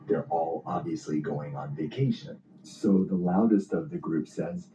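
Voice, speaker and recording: A man telling a wry anecdote in an animated storytelling style, in a dull, roomy clip. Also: extremely low pitch, a little slow, hardly any pauses, slight background noise.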